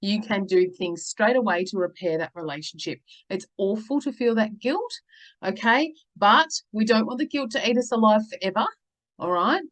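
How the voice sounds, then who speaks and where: A woman's voice: mid-range voice, lively intonation, moderate pace, rough recording. A middle-aged woman, coaching parents and giving advice to the camera. She sounds earnest and reassuring and keeps checking in with "okay" and "all right.". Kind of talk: talking to camera, advice video.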